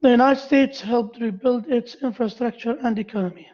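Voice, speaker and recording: Heard through lo-fi sound, a male lecturer at a university quizzes his students during a grammar class, pausing and saying things twice. His voice sits very high.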